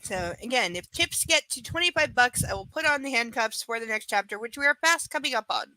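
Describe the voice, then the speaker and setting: A woman with a fairly high, bright voice reads a novel aloud live. She stops often for blunt, profane asides to her audience. The sound is close and dry. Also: animated, brisk, dry recording, poor audio. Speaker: live book reader. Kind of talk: live reading with blunt commentary.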